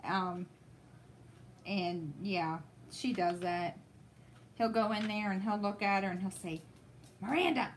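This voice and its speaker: Woman, craft livestream host, slow rambling chat, restarts often, faint background hiss. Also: medium pitch, fairly even intonation. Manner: slow, chatty storytelling with frequent restarts. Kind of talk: casual livestream chat with viewers.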